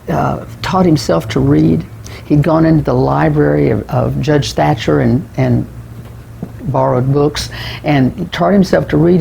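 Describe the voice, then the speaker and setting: Gravelly man giving a rambling book review. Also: fairly high pitch, darkish tone, a little hiss or hum, low-quality recording. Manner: rambling, with restarts and repeated words. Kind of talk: casual spoken book review.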